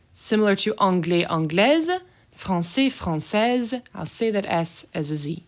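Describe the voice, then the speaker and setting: A woman's voice: lowish voice, normal speed. A woman teaching a French vocabulary lesson, saying each word twice, then explaining it in brief asides.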